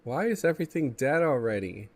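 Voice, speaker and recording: A man's voice: medium pitch, big pitch swings, brisk. A man with a stuffy, congested morning voice, casually chatting with viewers while streaming a game and reading chat aloud. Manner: laid-back, chuckling, reads chat aloud.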